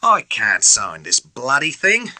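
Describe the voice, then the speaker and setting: A coarse, blustering first lieutenant snaps and sneers at a junior officer, as a male narrator puts him on. His voice is bright and forceful, and it swings widely in pitch. The reading is dry and close. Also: very animated, fairly quick, no echo, exaggerated voice. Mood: scornful.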